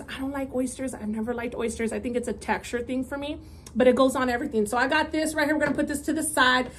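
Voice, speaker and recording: A woman with a high voice chats with her viewers at the table, upbeat and warm toward them, dropping Spanish words into her English. She sounds like a casual home vlog caught on a camera mic. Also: a little hiss or hum. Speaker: mukbang vlogger.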